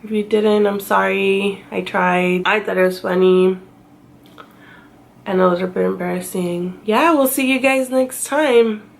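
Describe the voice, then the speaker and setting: Slow, gravelly-voiced woman telling a story. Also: steady tone. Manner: chatty, self-mocking, acts out her own past crying in a high wail. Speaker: vlogger. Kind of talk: casual story time.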